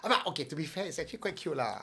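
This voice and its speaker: A man's voice: a little high, very animated, very fast, sharp tone, breathy edge. Laid-back joking male podcast host. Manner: laid-back, jokey, laughs often. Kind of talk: casual chat and reading news aloud.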